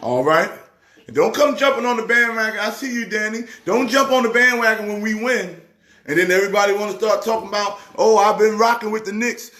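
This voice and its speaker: A man who is a pastor, talking sports casually in an excitable way, repeating words with a preacher's rhythm. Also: sits high, brisk, echoey room. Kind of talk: casual sports talk show.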